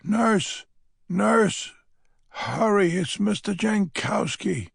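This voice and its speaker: A man's voice: high-pitched, slow, gravelly, slightly rough, no echo, clean studio sound, pitched above the performer's own voice, heavily acted. A man putting on a flustered fluttery old lady. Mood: alarmed. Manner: fluttery, excitable. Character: fussy flustered old woman, nursing-home resident. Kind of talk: audiobook character voice.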